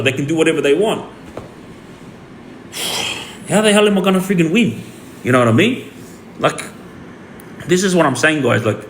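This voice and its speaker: A man's voice: on the high side, fairly bright tone. A man, telling his own story in a heated, rambling way, full of fillers and swearing. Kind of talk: casual storytelling monologue. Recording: echoey room with faint background noise.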